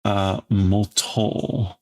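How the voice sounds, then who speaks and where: A man's voice: on the low side, little pitch movement, very slow, dark tone. A man hosting a stream, translating a comic aloud word by word, hesitant and full of fillers. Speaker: livestream host translating manga.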